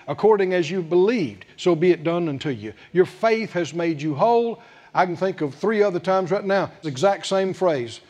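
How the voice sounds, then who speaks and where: This sermon comes from a man whose very high voice has a darkish tone and swoops widely up and down. He's animated, speaking at normal speed, emphatic, full of rhetorical questions and repeated scripture phrases, with long reverb suggesting a big hall.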